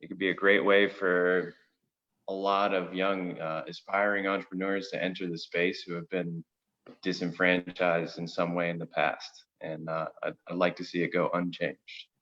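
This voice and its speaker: A man's voice: deep voice, level tone, normal speed, fairly bright tone, dull audio. A man giving a casual, joking public comment over a video call. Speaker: business operator.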